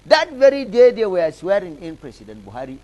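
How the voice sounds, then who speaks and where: On a television studio talk show, this Nigerian political analyst speaks briskly in a high, very animated voice with a darkish tone. His commentary is passionate and rhetorical, stacked with repeated phrases, though the recording is rough.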